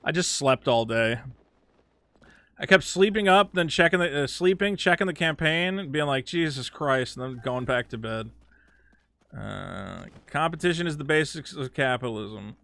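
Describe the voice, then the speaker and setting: A man chatting casually with his viewers while playing a game on a live stream. He is excitable, stammers through restarts and swears a lot. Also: a little high, moderate pace, creaky.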